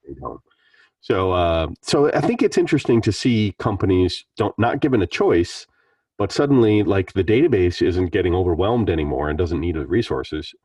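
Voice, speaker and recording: A man's voice: sits low, big pitch swings, moderate pace, a little mellow, slightly rough, no echo, clean studio sound, distant mic. A man talking in a rambling, conversational way as a panelist in an online meetup. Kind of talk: casual online meetup discussion. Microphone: video call.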